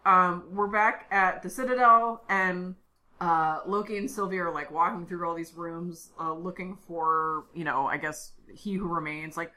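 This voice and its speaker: A woman's voice: lowish voice, steady tone, a little slow, bright, forceful tone. A woman co-hosting a podcast, chatting casually as she recaps an episode with lots of fillers. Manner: chatty, filler-heavy storytelling. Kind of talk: casual chat.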